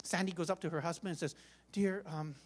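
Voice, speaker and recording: A man from Korea, a pastor preaching a sermon through an animated personal story, acting out quotes and repeating words as he goes. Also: on the high side, racing, breathy edge.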